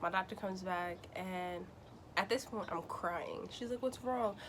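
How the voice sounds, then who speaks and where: Animated young woman telling a story. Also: fairly low pitch, measured pace, a little hiss or hum. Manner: animated, acts out quotes in other voices. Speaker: vlogger. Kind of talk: casual storytime.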